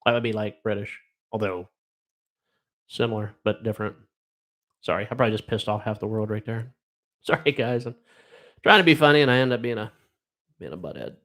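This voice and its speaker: A man's voice: on the low side, lively intonation, brisk, pauses often, a bit bright. A middle-aged man from Ohio hosting a casual live stream, reading odd news stories aloud and rambling wryly with lots of fillers. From Ohio, USA.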